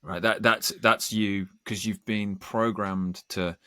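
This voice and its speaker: Low-voiced man, earnest storyteller, dry close recording. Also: fairly even intonation, sharp tone, dry recording. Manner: earnest, storytelling, quick bursts. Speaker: podcast guest, band singer. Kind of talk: casual podcast conversation.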